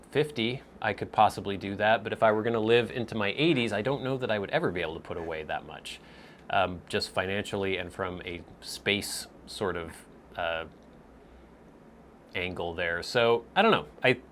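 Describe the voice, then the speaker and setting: There's a little hiss or hum as a man with a low-leaning, slightly bright voice hosts a casual Q&A vlog. He works through viewer questions by thinking aloud, groping for words, and restarting briefly.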